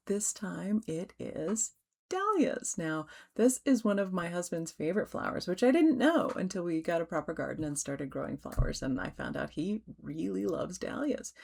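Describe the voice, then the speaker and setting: A middle-aged woman hosting a stitching vlog, chatting gently with soft fillers and restarts and yawning now and then. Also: lowish voice, vocal fry. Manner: yawns while talking. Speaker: cross-stitch designer and vlog host. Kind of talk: casual show-and-tell vlog.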